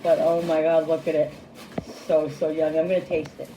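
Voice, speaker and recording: A woman's voice: low voice, little pitch movement, brisk, noisy background. A woman in her fifties hosting a casual home cooking vlog from her kitchen, chatty and bubbly, laughing often. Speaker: cooking channel host.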